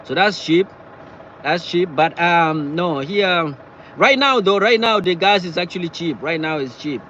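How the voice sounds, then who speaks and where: A man chatting casually on a live stream from his car, talking in halting bursts and repeating himself as he answers viewers. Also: fairly high pitch, bright, forceful tone, highs cut off, a little hiss or hum. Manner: halting, repeats words and phrases often. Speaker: livestreamer reading viewer chat. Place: in or beside a parked car.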